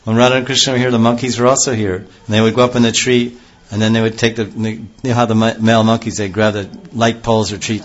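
A man's voice: lowish voice, flat delivery, fast. A man giving a rambling devotional lecture with many restarts, heard on a dull lo-fi recording. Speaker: spiritual teacher.

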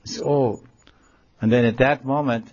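A man telling a devotional story in a sermon, animated and acting out the quotes in it, in a dull, lo-fi recording. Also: medium pitch, unhurried. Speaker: religious storyteller.

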